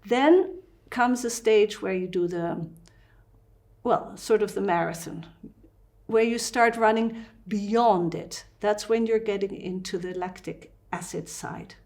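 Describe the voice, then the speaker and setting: A woman with a Dutch accent talks as a doctor in an interview. Her voice sits in a middle pitch, and she explains step by step, livening it up with small acted-out asides. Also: slow, darkish tone. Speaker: fasting doctor.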